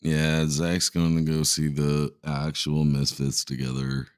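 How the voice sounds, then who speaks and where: A man co-hosting a podcast in casual chat, excitable and swearing freely. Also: rumbling low, measured pace, clean tone, dry recording, clean studio sound. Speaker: podcast co-host.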